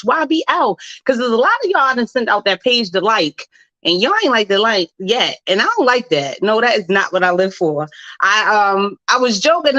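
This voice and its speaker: Woman host, animated and playful, dry close sound. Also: a little high, dry recording, dull audio. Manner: animated, playful catchphrases, calls out to listeners. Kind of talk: casual radio talk show with prayer.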